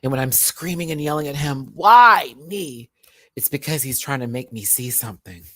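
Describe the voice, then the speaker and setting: A man's voice: mid-range voice, fast talker, no echo. Emotional young man on a dry mic. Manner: heartfelt, rambling, repeats and restarts words. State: emotional, near tears. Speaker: YouTuber host. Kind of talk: emotional livestream talk to viewers.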